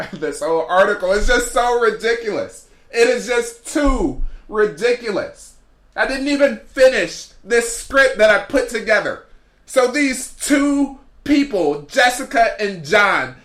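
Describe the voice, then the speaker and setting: A man's voice: high voice, a bit bright. A man hosting a solo podcast, ranting sarcastically and mocking what he criticizes, recorded in an echoey room. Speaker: podcast host.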